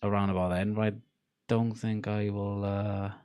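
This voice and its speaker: A man's voice: on the low side, level tone, normal speed, a little mellow, clear, resonant tone. Chatty Cardiff-accented man. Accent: Cardiff Welsh. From Wales. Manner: chatty, rambling, swears freely. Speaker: livestream host. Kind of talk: casual livestream chat.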